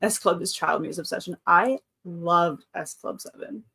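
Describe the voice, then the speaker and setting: A woman's voice: fairly low pitch, moderate pace, gravelly, a bit bright, breathy edge. A woman in her thirties hosting a casual live stream from home, chatting and reading out chat comments. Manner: chatty, reads out chat comments, frequent laughs. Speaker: livestream host.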